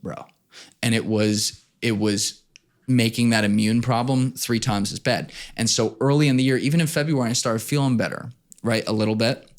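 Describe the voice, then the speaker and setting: A man talking as a guest on a podcast, in a voice of ordinary middle pitch. He tells his stories with animated energy, swearing freely and acting out what others said. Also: normal speed. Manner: animated, profane, acts out quotes. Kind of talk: casual storytelling chat.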